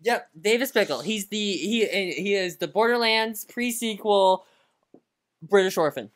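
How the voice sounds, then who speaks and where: A man's voice: high-pitched, fairly bright tone. A man co-hosting a casual gaming podcast who swears freely in banter. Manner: profane, quick to swear. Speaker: podcast co-host.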